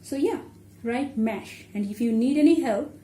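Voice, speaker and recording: Slow, patient woman teaching letters. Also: a little high, warm tone. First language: Bengali. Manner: patient, explaining step by step while writing. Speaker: language teacher. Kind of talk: online language lesson. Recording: echoey room with faint ambience.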